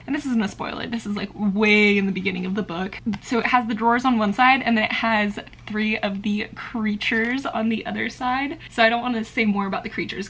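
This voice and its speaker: A woman's voice: medium pitch, vocal fry, fairly bright tone, a little hiss or hum. A woman chatting casually in a home vlog about books and her day, using lots of "like". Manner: chatty, filler-heavy, lots of "like". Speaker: book vlogger.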